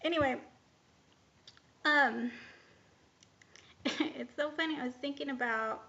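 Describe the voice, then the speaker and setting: A woman talks to her camera in a loose, rambling way, circling back on herself with lots of fillers. Her voice sits a bit high and has a gravelly fry running through it. The recording is dull and lo-fi. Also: sharp tone. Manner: rambling and candid, full of hesitations and "like". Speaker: vlogger. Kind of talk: casual personal storytelling to camera.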